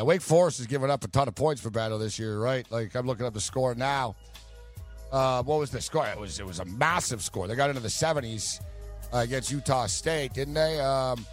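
A man's voice: medium pitch, fairly quick, soft background music. A man hosting a sports betting show, joking and bantering in casual chat.

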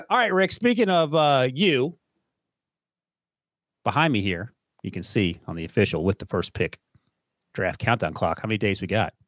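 A man's voice: lowish voice, lively intonation, moderate pace, pauses often, fairly bright tone, no echo, clean studio sound. A man hosting a football podcast, joking with his co-host and plugging the show in a casual chat. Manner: upbeat, joking, plugs the show.

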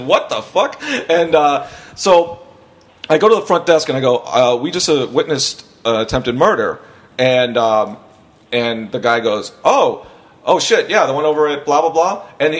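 A man with a voice a little higher than most tells a story in loose podcast chat. He is a stand-up comic who rambles, swears freely and laughs through his own telling. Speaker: stand-up comedian. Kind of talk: casual anecdote on a podcast.

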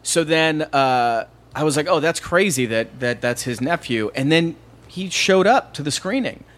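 A man's voice: a little high, normal speed. A man telling a long anecdote in a casual podcast chat, acting out what people said. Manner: animated, acts out quotes. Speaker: guest. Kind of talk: casual storytelling.

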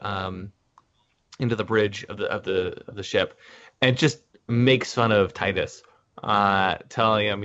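A lower-voiced man leads a casual chat and keeps looping back to restart his thoughts. The audio is dull and lo-fi, with the top end missing. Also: a bit bright. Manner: rambling with frequent restarts. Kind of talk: casual discussion.

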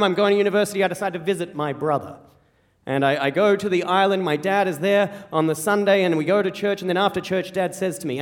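In a large hall, a young rural South Australian man performs a comic personal story on stage for an audience. His fairly high voice is lively and self-deprecating, and he repeats himself as he hurries along.

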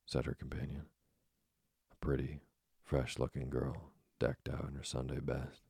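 A man narrating an audiobook in a measured, even manner, with a deep, husky voice. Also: dry recording, studio quality. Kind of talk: scripted narration.

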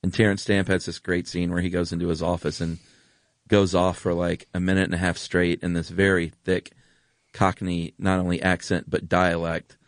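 A man's voice: sits low, level tone, moderate pace, no echo. A man co-hosting a podcast, telling stories in a laid-back, enthusiastic way. The mic is close and dry. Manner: laid-back, enthusiastic storyteller who laughs often. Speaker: podcast co-host. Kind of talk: casual chat.

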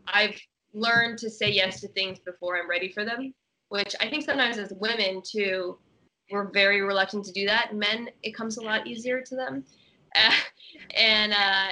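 A woman talks openly as an interview guest, filling her sentences with casual fillers as she works through her thoughts. Her voice is very bright and sharp, sitting at a mid pitch. She keeps the delivery loose and conversational. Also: rough recording. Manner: chatty, candid, peppers speech with fillers.

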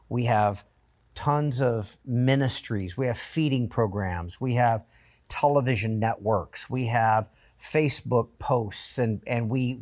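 A man's voice: medium pitch, a little mellow. A man hosting a talk show who affirms and restates his guest's points. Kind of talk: interviewing, casual chat.

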